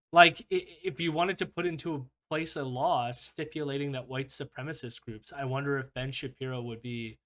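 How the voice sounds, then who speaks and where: A man's voice: a little high, bright, forceful tone. A man hosting a podcast in casual chat, rambling loosely with lots of fillers and easy laughter. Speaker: podcast host.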